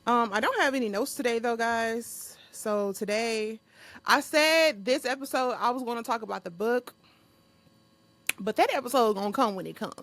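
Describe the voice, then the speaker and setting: A woman's voice: on the high side, normal speed, fairly bright tone. A young woman hosting a solo podcast, talking off the cuff in a blunt, profane way and laughing often. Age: young adult. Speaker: podcast host. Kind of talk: unscripted solo podcast monologue.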